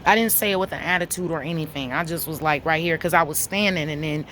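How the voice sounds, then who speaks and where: A woman's voice: low-pitched, quick pace, fairly bright tone, a little hiss or hum. Blunt, profane woman telling a story. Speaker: vlogger. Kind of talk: casual storytelling to camera.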